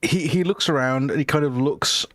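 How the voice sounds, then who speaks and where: A man narrating a tabletop game as game master, relaxed and hesitant. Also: fairly high pitch, moderate pace, no echo, clean studio sound.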